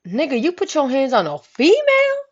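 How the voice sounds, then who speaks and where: A woman doing a rough, threatening young man. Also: fairly low pitch, lively intonation, normal speed, muffled recording. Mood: angry. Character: tough young man, angry and protective.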